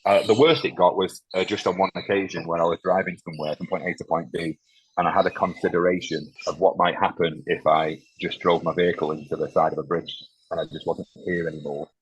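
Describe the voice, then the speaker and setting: A man sharing a personal story as a podcast guest, emotional and halting, often restarting his sentences. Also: sits low, level tone, husky, muffled recording. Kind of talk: candid interview conversation.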